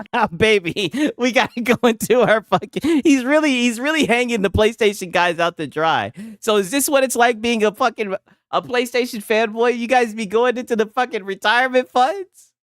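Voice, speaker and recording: A man's voice: extremely high pitch, normal speed, fairly bright tone, dry recording, studio quality. A man streaming casual reaction commentary, laughing and swearing as he mocks a clip. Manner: profane, laughing, mocking.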